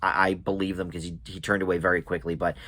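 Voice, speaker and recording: A man's voice: low voice, little pitch movement, fast talker, sharp tone, dry recording. A man chatting casually as he recaps and reviews a TV episode, with many ums and restarts.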